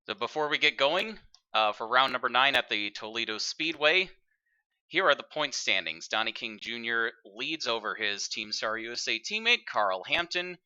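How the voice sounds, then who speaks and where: A man calls a sim race in an upbeat, broadcast-style commentary, pausing on the odd filler. His voice is very bright and forward, and his pitch sits in an ordinary middle range. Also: expressive, clean tone, lo-fi sound. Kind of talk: play-by-play commentary.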